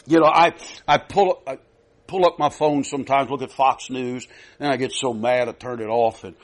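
A man preaching a sermon, emphatic, rising loud and dropping soft, repeating himself often. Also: medium pitch, fairly even intonation, normal speed.

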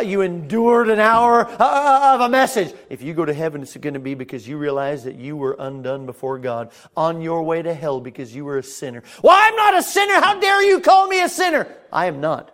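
A man preaching a fervent evangelistic sermon to a congregation in a church, surging loud then dropping quiet, with many stammered restarts. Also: a little high. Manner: impassioned, swings between loud surges and quiet intensity, frequent stammered restarts.

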